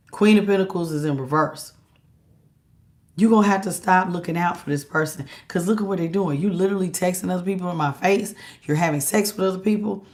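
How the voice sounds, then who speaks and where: A woman giving a tarot reading to her viewers, talking in an animated, emphatic and casual slangy way. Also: fairly low pitch, brisk. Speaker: tarot reader. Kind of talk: direct-to-camera tarot reading.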